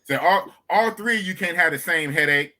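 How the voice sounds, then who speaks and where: A man's voice: a little high, moderate pace, sharp tone. A man hosting a podcast, cheering his guest on with emphatic call-outs in casual chat. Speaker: podcast host.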